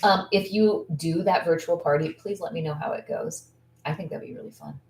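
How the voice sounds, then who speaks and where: A woman in her thirties speaks as a business coach in a low-pitched voice, rambling and thinking out loud with plenty of fillers. She sounds candid and heartfelt. The recording is roomy and echoey, with the mic set some distance away. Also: moderate pace, a little hiss or hum. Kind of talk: casual Q&A talk.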